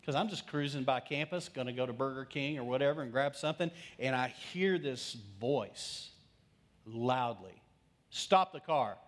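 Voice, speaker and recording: A middle-aged man, a pastor, telling a personal story in a conversational sermon, swinging between lively asides and hushed moments. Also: medium pitch, normal speed.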